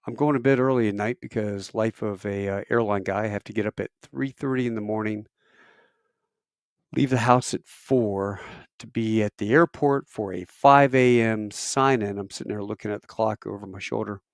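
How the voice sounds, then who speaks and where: A man's voice: fairly low pitch, moderate pace, no echo, studio quality. A man who works airline crew, talking casually on a live stream and rambling with fillers as he tells stories. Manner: rambling storyteller with fillers and restarts. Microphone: camera mic on a live stream.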